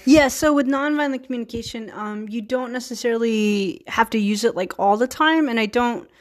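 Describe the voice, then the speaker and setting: Her voice sits on the high side at a normal speed. She's a Virginia podcast host in her thirties, sounding a bit tired, chatting casually solo and often using fillers and restarting her sentences.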